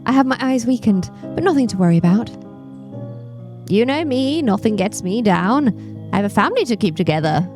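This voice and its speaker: Lady doing a fond old dad from a game, frail and forgetful, slow and lowered, bouncy melody. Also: lively intonation, a little mellow, faint music behind. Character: elderly father, fond, frail, absent-minded. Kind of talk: reading game dialogue aloud.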